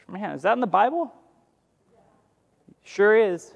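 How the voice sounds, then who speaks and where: High-voiced preaching man in a reverberant hall. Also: measured pace, vocal fry, long pauses. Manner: conversational, joking asides, animated quoting. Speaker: pastor. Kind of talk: sermon.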